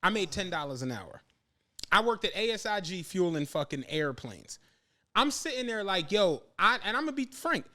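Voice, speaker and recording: High, lively man telling a story. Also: moderate pace. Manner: animated, laughing, profane, acts out quoted voices. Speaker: podcast guest telling a story. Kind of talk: casual storytelling among friends.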